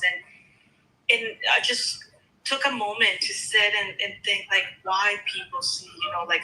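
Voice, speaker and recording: A woman's voice: medium pitch, steady tone, unhurried, sharp tone, reverberant, low-quality recording. A woman in her thirties from Canada, a guest talking in a casual chat, emotional and hesitant with many fillers. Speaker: guest caller.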